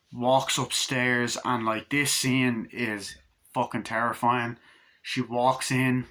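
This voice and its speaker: Man, casual movie review, excitable, profane, bright crisp tone. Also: mid-range voice. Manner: excitable, profane retelling of scenes.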